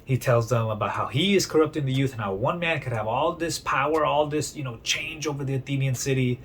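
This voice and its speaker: A man's voice: medium pitch, brisk. A young man casually summarizing a book he read, in a chatty retelling full of "he's like" and restarts. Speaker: book reviewer.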